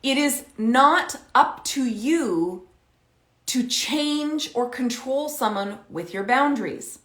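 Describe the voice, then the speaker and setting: A woman coaching parents in a casual, animated talk, acting out both sides of an everyday conversation. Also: high voice, slow, echoey room. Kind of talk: casual teaching talk to camera.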